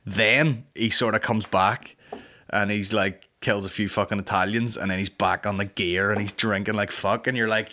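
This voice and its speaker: A man's voice: fairly low pitch, steady tone, normal speed, bright, forceful tone. A man hosting a comedy podcast in a casual, rambling rant that is full of swearing.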